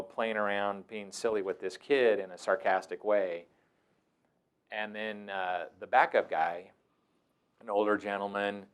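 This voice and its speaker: Wry, low-voiced man telling stories. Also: clear, resonant tone. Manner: casual, wry, playfully acts out quoted voices. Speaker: host. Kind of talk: anecdotal storytelling talk.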